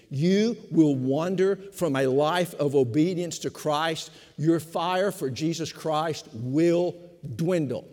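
A man's voice: on the high side, animated, dark tone. Older male pastor preaching in a hall. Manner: emphatic preaching, repeats key phrases, shifts between slow stress and quick asides. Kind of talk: sermon. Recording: long hall reverb.

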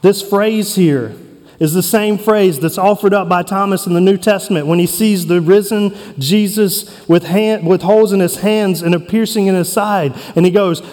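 A pastor with a notably high, darkish-toned voice delivers an earnest, emphatic sermon, leaning on dramatic pauses. A long reverb carries his words, as if in a large church sanctuary.

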